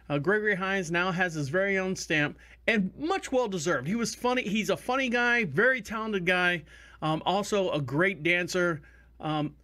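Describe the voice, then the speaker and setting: A man's voice: sits high, sharp tone. A man hosting a talk radio show from the studio, rambling and chatty with asides. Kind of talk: casual talk radio monologue.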